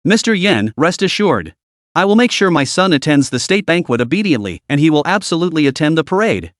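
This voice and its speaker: A man voicing an angry middle-aged father who blusters and threatens, his voice pushed up high. The sound is dry and close. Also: very animated, brisk, no room sound.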